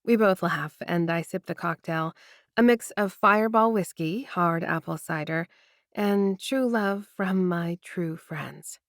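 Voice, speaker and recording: A woman reading a first-person romance audiobook with intimate, expressive storytelling. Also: lowish voice, a little slow, dry recording, studio quality. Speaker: audiobook narrator.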